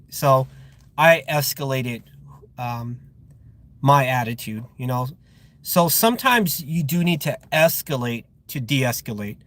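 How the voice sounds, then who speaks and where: A man's voice: mid-range voice, unhurried, a bit bright. Irritated rambling security guard man. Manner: rambling, irritated, with frequent fillers and restarts. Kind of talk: casual live-stream chat. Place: outdoors at a guarded facility.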